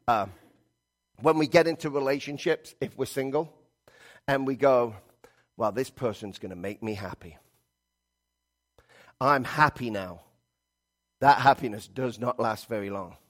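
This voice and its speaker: A middle-aged man preaching a sermon, emphatic and repetitive, swinging between loud stresses and quiet asides. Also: on the high side. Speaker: pastor.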